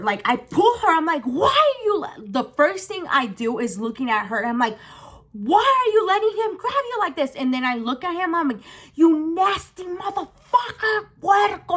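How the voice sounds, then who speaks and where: Young woman vlogger, animated storyteller with frequent restarts. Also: fairly high pitch. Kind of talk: storytime vlog, casual chat.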